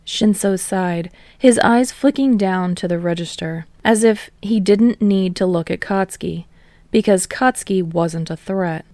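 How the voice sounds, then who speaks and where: A woman reading fan fiction aloud in steady storytelling narration. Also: medium pitch, measured pace, no room sound. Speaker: podfic reader.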